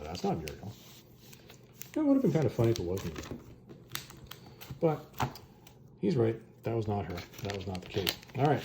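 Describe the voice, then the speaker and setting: A man's voice: medium pitch, dark tone. A man hosting a comic review channel, recapping a story in a casual, rambling way with offhand asides. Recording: echoey room with faint noise.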